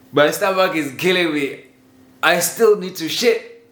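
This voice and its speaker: A man telling a childhood story in a casual, animated way, laughing often and swearing freely. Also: on the high side, slow. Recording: roomy echo with faint ambient noise.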